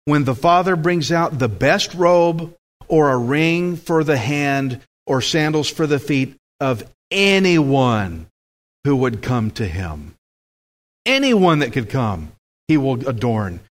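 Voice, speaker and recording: A man's voice: mid-range voice, big pitch swings, takes it slowly. A man preaching a sermon with emphatic delivery, putting questions to the congregation.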